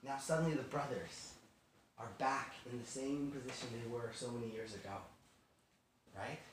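A man teaching a Bible lesson in an animated storytelling way, often asking his listeners questions. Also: medium pitch, moderate pace, noisy background. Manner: animated, asks the class questions. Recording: echoey room, distant mic.

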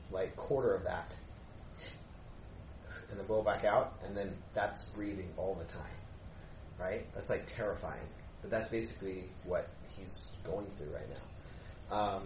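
A man's voice: on the low side, slight background noise. A male pastor tells a personal story to his congregation in a loose, chatty manner, with many fillers and little acted-out quotes. His voice carries through a roomy, echoing hall and is picked up from a distance, with a faint murmur of room sound behind it. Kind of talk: sermon storytelling. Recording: roomy echo, mic at a distance.

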